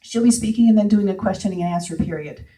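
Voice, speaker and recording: A woman's voice: mid-range voice, quick pace, warm tone. A woman hosting a charity evening, introducing the speaker in a casual, hesitant way with fillers. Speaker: event host. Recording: distant mic in a hall.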